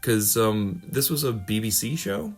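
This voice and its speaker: A man's voice: on the low side, sing-song, unhurried, vocal fry, breathy edge, faint music behind. A man hosting a podcast in casual chat, rambling, trailing off and restarting, and swearing freely. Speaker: podcast host.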